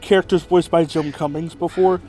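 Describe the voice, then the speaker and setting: A man's voice: on the high side, steady tone, normal speed, warm tone. Laughing young man narrating his gameplay. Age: 20s. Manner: rambling, laughing, casual. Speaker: gaming YouTuber. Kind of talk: gameplay commentary. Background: game music.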